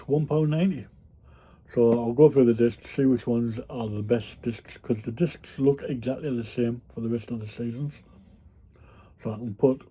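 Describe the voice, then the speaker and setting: Dark-voiced man chatting casually. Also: medium pitch, breathy edge. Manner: rambling, chatty, with frequent ums and yawns. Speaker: reseller vlogger. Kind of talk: casual chat.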